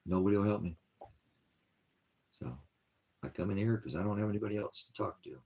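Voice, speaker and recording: A man who hosts an online ministry rambles wearily about his troubles in a casual vlog, sighing and drifting between topics. His voice is on the low side, gravelly, husky and warm, and he speaks fairly quickly.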